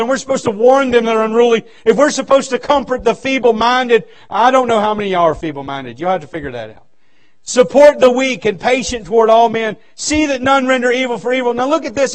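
Male revival preacher, very high voice, fervent, shouts then drops low. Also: a little fast. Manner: fervent preaching that swings from loud shouts to low, quiet stretches. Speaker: pastor. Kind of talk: revival sermon. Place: church.

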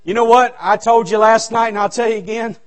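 A male revival preacher, his voice pitched very high for a man. He preaches in a fervent, folksy way and breaks into shouts, from a church sanctuary. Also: fairly even intonation, fairly quick. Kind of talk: revival sermon.

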